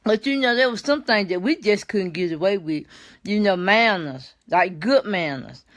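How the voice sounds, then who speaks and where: An older woman talks to her viewers in a tired, folksy vlog monologue, with a voice pitched in the middle range for a woman. She drags her words out and scatters mm-hmm and yes sir through her chatty talk. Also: animated, moderate pace. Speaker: vlog host.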